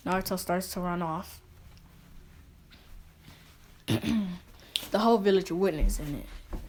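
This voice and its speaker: A woman's voice: lowish voice, slow pace, darkish tone, slight background noise. A woman improvising a fan story, rambling with many restarts and fillers.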